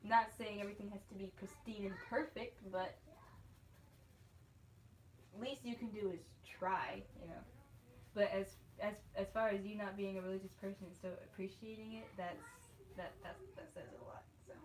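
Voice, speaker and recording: A woman's voice: mid-range voice, fairly even intonation, normal speed. A woman artist chatting casually with viewers while she paints, rambling, restarting her sentences and laughing often. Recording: echoey room, faint background noise.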